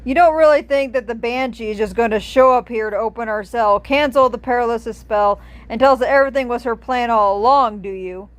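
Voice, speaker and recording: A woman's voice: a little high, fairly quick, few pauses, lightly acted. A blunt, skeptical male dwarf, played by a woman reading a storybook game. He pokes holes in hopeful ideas with a dry, dismissive tone. A plain reading voice with little disguise.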